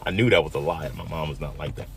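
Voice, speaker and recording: A man from Michigan in his fifties tells a personal story aloud in a plain-spoken, emphatic way that swings from quiet to loud. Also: very deep voice, quick pace, a little hiss or hum. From Michigan, USA.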